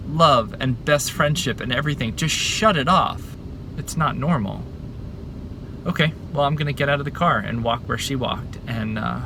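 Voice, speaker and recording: A man's voice: medium pitch, gravelly, noisy background. A man recording a candid video diary from his parked car, talking in a rambling, self-reflective, conversational way. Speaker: vlogger.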